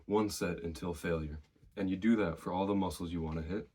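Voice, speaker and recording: A fitness vlogger talks briskly to camera, his very deep voice laid-back and conversational as he describes how he trains. He's still catching his breath a bit and speaks from his own experience, with a little hiss or hum in the recording.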